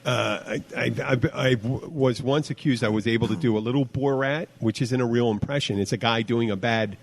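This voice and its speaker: Rambling, swearing male podcast host. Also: medium pitch. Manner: rambling, halting, lots of fillers and restarts; swears freely. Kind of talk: casual podcast chat.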